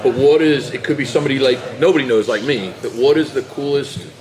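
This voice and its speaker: A man's voice: mid-range voice, brisk, crowd noise, rough recording. A man hosting a podcast, asking a guest a casual, loosely phrased question in a cigar lounge. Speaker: podcast host. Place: cigar lounge with a group present.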